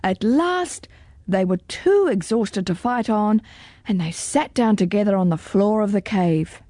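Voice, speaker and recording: Slow, expressive woman reading a storybook. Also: mid-range voice, no echo, studio quality. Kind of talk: storybook read-aloud.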